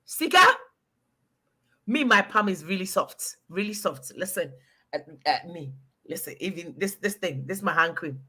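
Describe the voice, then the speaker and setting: Bright-voiced chatty woman. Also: fairly low pitch, moderate pace, breathy edge. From Ghana. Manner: chatty, emphatic, keeps calling out a listener by name. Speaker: vlogger giving relationship advice. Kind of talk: casual chat.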